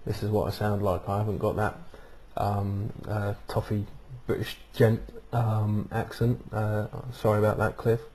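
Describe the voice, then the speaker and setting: A man's voice: lowish voice, flat delivery, a little slow, few pauses, darkish tone, a little hiss or hum. A man hosting his own video blog, talking casually to a webcam and rambling with lots of "um"s and "uh"s. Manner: rambling, many ums and uhs. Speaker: vlog host. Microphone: webcam microphone.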